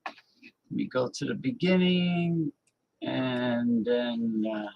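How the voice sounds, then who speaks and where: A man's voice: medium pitch, lively intonation, takes it slowly, vocal fry, lo-fi sound. A man hosting a show, casually commenting on video clips in a rambling way and laughing at his own jokes. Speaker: show host reacting to videos.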